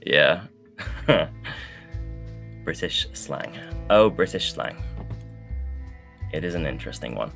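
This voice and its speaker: A man casting a live esports match, chatting loosely with many fillers while he fills the pauses. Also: a bass voice, sing-song, creaky, a bit bright, soft background music. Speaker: esports caster.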